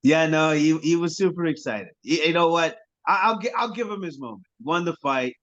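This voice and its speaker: A man co-hosting a sports podcast in casual chat, sarcastic and quick to laugh, often repeating his words. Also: a little high, lively intonation, a bit bright, lo-fi sound.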